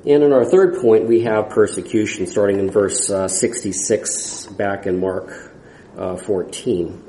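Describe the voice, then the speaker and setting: Male preacher, low mellow voice, earnest and halting, Bible-study sermon recorded in a reverberant church hall. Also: steady tone, slight background noise. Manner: earnest, halting with restarts and fillers. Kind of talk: expository sermon.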